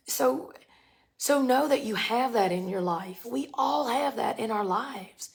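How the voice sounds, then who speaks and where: Gravelly, slangy woman in her forties. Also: on the high side, takes it slowly. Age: 40s. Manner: slangy, animated, laughs often. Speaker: spiritual speaker. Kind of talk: casual spiritual talk.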